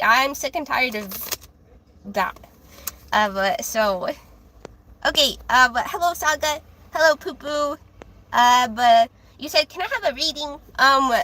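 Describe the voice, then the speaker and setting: A woman with a high, childlike voice does tarot readings on a live stream, keeping her tone bright and sharp. Her loose, casual chat is full of fillers and restarts, and the audio quality is poor.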